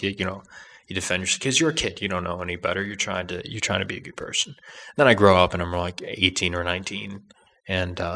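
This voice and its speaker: A man's voice: deep voice, bright, forceful tone. A young man hosting a political podcast, talking through an opinionated monologue that rambles, restarts and argues. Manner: rambling, combative, with restarts and asides.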